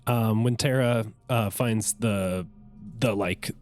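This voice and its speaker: A man's voice: fairly low pitch, slow, a little mellow, faint music behind. A man who is a guest player in a tabletop game, talking in a laid-back, rambling way with many fillers.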